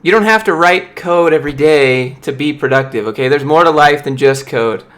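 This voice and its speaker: A man's voice: fairly high pitch, normal speed, a bit bright. A young man on a casual livestream, reading and answering viewer chat in a blunt, motivational way. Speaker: streamer, software developer.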